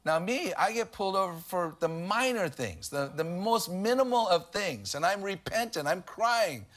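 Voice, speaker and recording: A man's voice: high voice, lively intonation, normal speed, fairly bright tone. A man, preaching a sermon in a conversational style with humorous anecdotes. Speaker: pastor.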